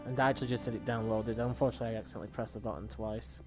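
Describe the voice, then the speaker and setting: A man's voice: mid-range voice, fairly even intonation, racing, music in the background. A man hosting a let's play, giving rambling, casual gameplay commentary with the odd swear.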